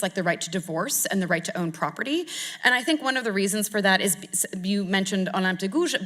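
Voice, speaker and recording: Woman in her 30s, guest art historian; bright voice, thoughtful, self-correcting delivery. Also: mid-range voice. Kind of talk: answering audience question at lecture.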